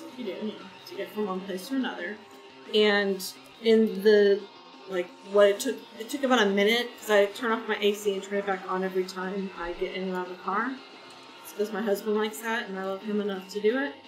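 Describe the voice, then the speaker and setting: Woman streamer, rambling easy chat; mic set back in a roomy space, soft game music underneath. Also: mid-range voice, far from the mic. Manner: rambling, chatty, talks to chat viewers. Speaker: gaming streamer. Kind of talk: casual chat while playing a game.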